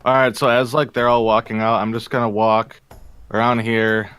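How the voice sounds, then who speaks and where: A man's voice: mid-range voice, level tone, normal speed, a bit bright, clear, resonant tone. A man playing a tabletop game, joking and flirting in character. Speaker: player. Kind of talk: casual tabletop play.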